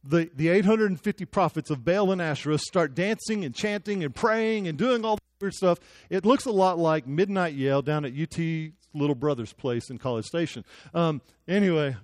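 A man's voice: a little high, a little mellow, no echo. A young man preaching a sermon, telling the story with jokes and acted-out quotes. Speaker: pastor.

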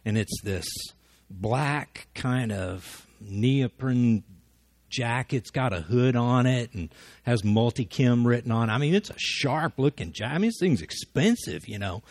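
Male guest speaker, low-pitched and folksy, tells anecdotes and acts out the quoted voices. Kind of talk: storytelling talk to a church audience.

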